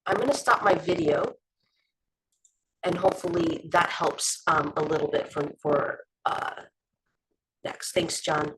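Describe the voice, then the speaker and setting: A woman's voice: low-pitched, steady tone, measured pace, long pauses, fairly bright tone, a little hiss or hum, rough recording. A woman facilitating an online community meeting, making announcements and handing over to speakers. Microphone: video call. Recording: choppy video call audio.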